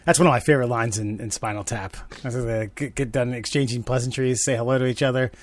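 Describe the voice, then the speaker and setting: A man co-hosting a comedy podcast, talking in a loose, joking way. His voice sits at an ordinary male pitch, and the chat moves along in a casual back-and-forth. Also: steady tone, fast, few pauses, dry recording. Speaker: podcast co-host.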